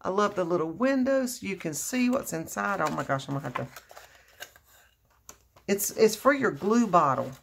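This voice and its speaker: A woman's voice: on the low side, expressive, moderate pace, vocal fry, long pauses, noisy background. A woman chatting casually on her crafting vlog, gushing with effusive exclamations as she opens a gift. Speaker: crafting vlogger opening happy mail. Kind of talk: casual unboxing chat.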